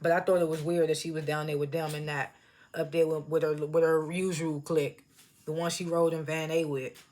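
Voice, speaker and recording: A woman's voice: sits low, little pitch movement, a little fast, darkish tone. A woman giving a casual, rambling recap of a reality show, loose and slangy, often laughing at herself. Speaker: TV show reviewer. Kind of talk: casual chatty recap commentary.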